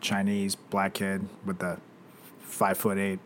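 A man's voice: deep voice, completely flat delivery, unhurried, a little hiss or hum. A young man co-hosting a podcast, joking and laughing often in a profane casual chat. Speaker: podcast co-host, performer.

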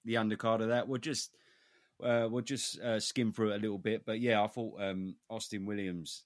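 A man's voice: lowish voice, little pitch movement, moderate pace, no echo, clean studio sound. A man co-hosting a boxing podcast, steering the topics and stating firm opinions. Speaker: podcast co-host. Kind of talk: casual boxing chat.

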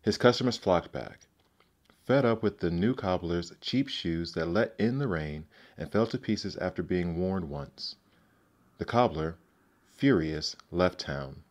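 A man narrating fairy tales aloud in a measured, gentle manner. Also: deep voice. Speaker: storyteller. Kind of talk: storybook narration.

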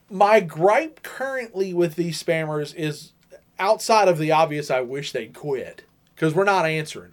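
A man co-hosting a podcast, telling stories in a lively, casual way and acting out the people he quotes. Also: a little high. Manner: animated, acts out quoted voices, laughs often. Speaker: podcast co-host. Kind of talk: casual storytelling chat.

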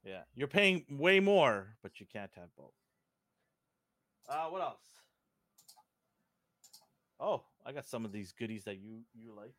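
A man's voice: mid-range voice, takes it slowly, pauses often, no room sound. A middle-aged man from Fiji co-hosting a podcast, chatting casually and acting out the people in his stories. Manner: animated storyteller, acts out dialogue. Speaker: podcast co-host. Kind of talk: casual chat.

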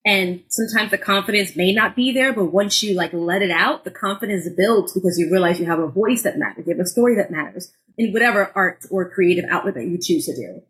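A woman co-hosting a podcast and telling her own stories. She talks in an expressive way and leans on "like," and her voice sits at an ordinary middle pitch. Now and then she jumps to loud, high bursts to act out a scene. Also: a little fast, few pauses, rough recording. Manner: frequent filler "like". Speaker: podcast co-host. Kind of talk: casual podcast storytelling.

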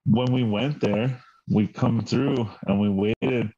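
A man spins a long, meandering story in casual chat, his speech packed with filler words and cursing. His voice is mellow and darkish. The recording has a slightly muffled, lo-fi quality. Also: medium pitch, steady tone, slow. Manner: rambling storyteller, heavy swearing and filler words.

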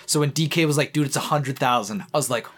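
A man's voice: medium pitch, fast talker, a bit bright. A man from Wisconsin co-hosting a casual podcast chat, laid-back and mostly giving short replies. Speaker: podcast co-host.

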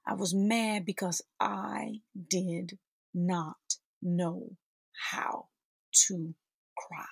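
A woman in her forties tells a personal story to her listeners with slow, heartfelt pacing. Her voice is husky and sits a little low. The recording is dry and close, with no room around it. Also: no echo. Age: 40s. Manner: heartfelt, addresses listeners as sisters and y'all. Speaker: podcast host.

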